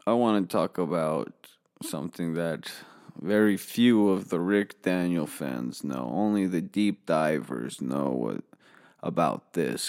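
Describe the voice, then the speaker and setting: A man's voice: extremely low pitch, vocal fry, a little mellow. A man telling a comedic story in a boastful, rambling way, swearing freely.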